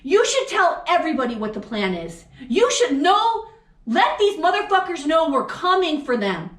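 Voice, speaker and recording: A woman co-host vents in an angry, profane political rant, firing off question after question. Her voice sits very high. The room around her rings with echo. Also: very animated, moderate pace, a bit bright. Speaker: podcast co-host. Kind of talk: heated political chat. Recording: echoey room.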